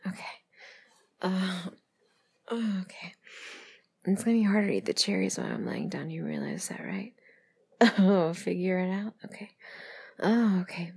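A young adult woman in a whispered role-play, speaking in breathy whispers and low murmurs, giving commands while chewing and sighing. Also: wildly swooping pitch, normal speed, pauses often, darkish tone. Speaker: audio role-play performer.

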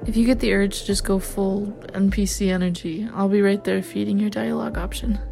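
A young woman acting out a caring partner in an audio role-play, talking gently and reassuringly with light teasing. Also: medium pitch, steady tone, a little fast, gravelly, soft background music, close to an everyday voice. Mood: gentle.

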